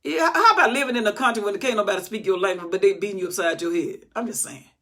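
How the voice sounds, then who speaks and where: A woman giving an informal Bible teaching, her voice gravelly with a tense, forceful edge. She scolds and repeats herself for emphasis. The delivery is loose and conversational, not polished. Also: mid-range voice, quick pace.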